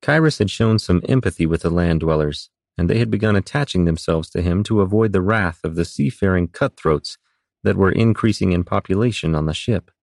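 A man narrating a fantasy audiobook with a very deep voice. His reading is steady and even, and the sound is dry and close, with no room echo. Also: brisk, creaky. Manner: steady, even storytelling delivery.

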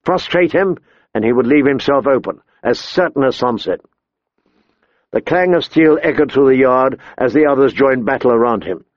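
A man reading an audiobook in a measured, steady storytelling manner. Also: medium pitch, dry recording, dull audio. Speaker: narrator. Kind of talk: audiobook narration.

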